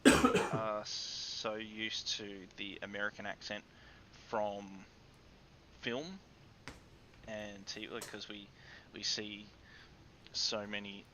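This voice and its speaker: A man's voice: on the low side, fairly even intonation, slow, long pauses, sharp tone, a little hiss or hum, poor audio. A man with an Australian accent, co-hosting a casual livestream and rambling with frequent restarts. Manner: rambling, restarts often, chuckles between thoughts. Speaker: co-host. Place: studio.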